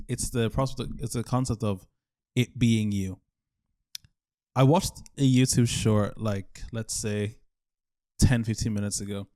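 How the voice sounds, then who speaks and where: A man's voice: lowish voice, a little mellow. A man in his twenties, from Ireland, talking alone to the camera and thinking aloud in a rambling, self-questioning way. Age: 20s. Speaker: YouTuber. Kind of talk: solo reflective talk over gameplay.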